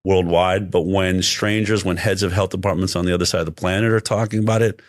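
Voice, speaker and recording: A man with a deep, low-pitched voice talks as a guest in a conversational interview. He speaks emphatically and often breaks off and restarts his sentences. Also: fairly even intonation, fast, no echo, clean studio sound.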